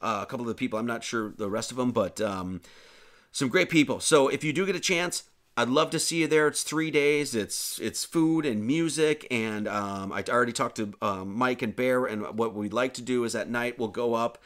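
A man's voice: mid-range voice, moderate pace, fairly bright tone. A man, the pastor and host, rambling through casual closing announcements of an online sermon, joking around with lots of fillers and restarts.

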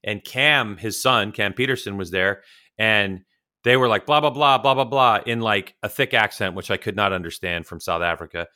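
A man's voice: fairly low pitch, normal speed, bright, forceful tone. A man co-hosting a racing podcast over a remote call, telling long, teasing stories in casual chat. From California. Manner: rambling storyteller, teasing. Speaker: podcast co-host.

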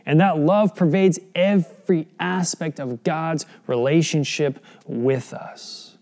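A man's voice: on the high side, fairly even intonation, takes it slowly, darkish tone. A young adult man preaching a sermon in an earnest, conversational way, often asking the listeners questions. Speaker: pastor.

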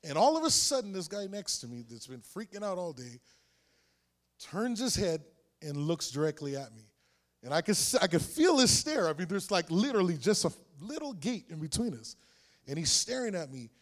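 A man's voice: high voice, sing-song, normal speed. A man preaching a sermon, telling a personal story with lots of animation and frequent laughs.

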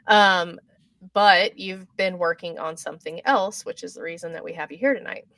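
A woman's voice: lowish voice, steady tone, moderate pace, fairly bright tone, dry recording. Chatty woman hosting over a video call. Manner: chatty and enthusiastic, with filler ums. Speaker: podcast host. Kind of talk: casual interview chat.

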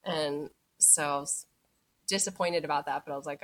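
Speaking at normal speed in a lowish, fairly bright voice, a young woman casually recounts her birth story as a podcast guest. She's chatty, uses "like" constantly, and acts out her own words from that time.

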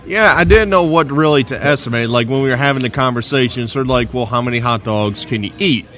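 A man's voice: medium pitch, fast, fairly bright tone. Easygoing male podcast co-host. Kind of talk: casual podcast chat. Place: bar at a resort, indoors. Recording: faint bar music behind.

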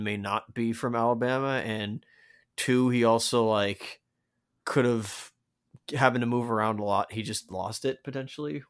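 A man co-hosting a podcast, chatting about a movie in a rambling, speculative way with lots of fillers. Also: lowish voice. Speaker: podcast co-host. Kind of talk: casual film commentary chat.

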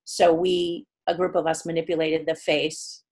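A husky, fairly low-voiced middle-aged woman tells stories in an interview. She is animated and expressive, jumping high in pitch whenever she acts out what someone said. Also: moderate pace. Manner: lively storyteller who jumps high to act out quoted people. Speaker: guest, puppeteer.

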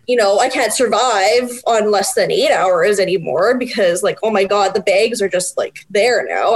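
A woman in her forties, a guest chatting casually, animated and self-deprecating with bursts of laughter. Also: fairly high pitch. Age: 40s. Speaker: guest, book project editor. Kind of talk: casual interview chat.

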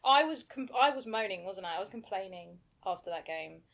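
A woman's voice: medium pitch, expressive, fairly quick, a bit bright. A woman co-hosting a football podcast, chatting casually and laughing often. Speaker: podcast co-host. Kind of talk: casual chat.

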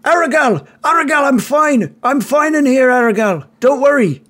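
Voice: sits high, moderate pace, fairly bright tone, voice pushed up. A game master voicing a breezy, overly reassuring man in a tabletop game, in a chirpy, coaxing manner.

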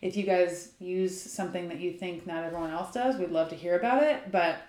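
A woman co-hosting a podcast from California, chatting casually and laughing between quick asides. Her voice carries a noticeable room echo, like a bare space around the mic. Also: fairly low pitch, darkish tone. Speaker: podcast co-host. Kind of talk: casual chat.

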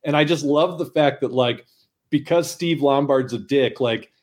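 A man co-hosting a podcast, chatting casually and enthusiastically about comic art, breaking into excited exclamations. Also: mid-range voice, moderate pace. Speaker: podcast co-host.

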